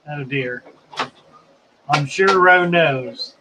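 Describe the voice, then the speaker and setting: A man's voice: fairly high pitch, drawn-out words, sharp tone, slight background noise, low-quality recording. A man hosting a live stream in a casual, chatty way, reading viewer comments aloud and musing as he goes.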